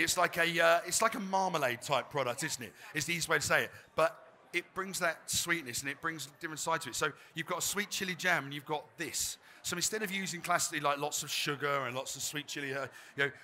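A man's voice: on the high side, quick pace, pushed and bright, slight background noise. A man, a chef giving a live cooking demonstration, chatty and self-deprecating. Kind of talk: live cooking demo talk. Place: trade fair demo stage.

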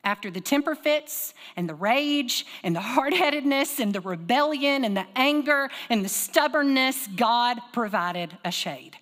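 A woman pastor preaching a sermon, telling stories with lively call-and-response. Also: fairly high pitch, measured pace, few pauses, long reverb tail. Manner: animated storytelling with call-and-response. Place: church sanctuary.

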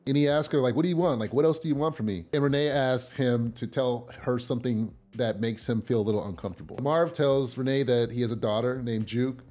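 Regular guy talking through a show episode, chatty, lots of uh and restarts, mid-pitched voice. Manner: chatty, with fillers and repeated starts; gets loud and excited at big scene moments. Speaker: host recapping a TV episode. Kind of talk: casual recap vlog.

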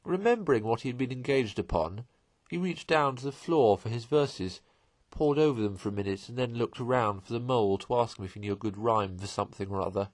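Guy reading an old kids book out loud, middle pitch, steady and expressive. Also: no room sound. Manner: measured, expressive narration. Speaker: storyteller. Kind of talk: reading a classic children's novel aloud.

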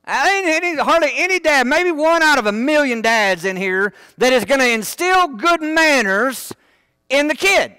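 A man's voice: very high voice, expressive, moderate pace, pushed and bright, no echo. A man preaching a sermon in church, folksy and full of joking asides. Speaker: pastor.

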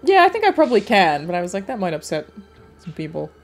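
A woman's voice: medium pitch, huge pitch swings, fast talker, soft background music. A woman streaming a video game and chatting casually with friends, laughing often and talking to her viewers. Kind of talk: casual gaming chat with friends.

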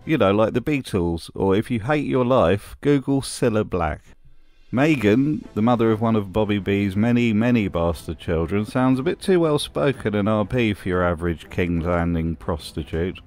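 Host, male, lowish voice, deadpan sarcastic narration. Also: normal speed, faint music behind. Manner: dry, sarcastic humor. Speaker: video essay host. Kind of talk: scripted commentary narration.

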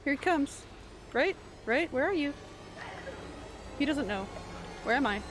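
A woman live-streaming a horror game, reacting excitably and chatting with her viewers as she plays. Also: high-pitched, unhurried, slight background noise. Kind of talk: live gameplay commentary.

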